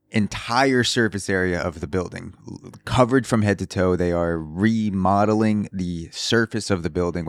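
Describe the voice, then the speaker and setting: A man's voice: deep voice, no room sound. A man hosting a casual solo podcast, riffing loosely and profanely on news stories from his apartment. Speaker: podcast host. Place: apartment in a city building, indoors. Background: construction drilling outside.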